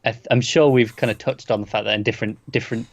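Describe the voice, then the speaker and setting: A man co-hosting a casual TV review podcast, quick to nitpick and argue, often restarting his sentences. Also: mid-range voice, steady tone, no room sound. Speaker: podcast co-host.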